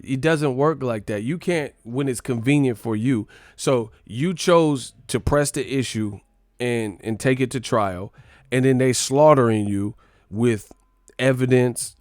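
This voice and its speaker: A young man hosts a casual live stream, riffing in loose slang and calling out to his viewers. His voice is smooth and clear, recorded close and dry with no room sound. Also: mid-range voice, a little mellow, no room sound. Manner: loose, joking, slangy, talks to chat.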